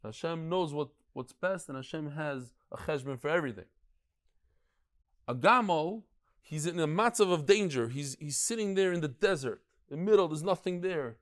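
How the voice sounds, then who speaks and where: A man teaching a class with a slightly raised pitch. He tells one anecdote after another with animated energy, doubling back and repeating words as he goes. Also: moderate pace. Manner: frequent restarts and stammered repeats. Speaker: rabbi teaching a daily Talmud class. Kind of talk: lively storytelling lecture to a live class.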